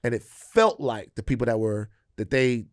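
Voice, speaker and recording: Animated, profane male podcast host. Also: mid-range voice, normal speed, no echo, clean studio sound. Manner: animated, profane, acts out quotes. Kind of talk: casual political chat.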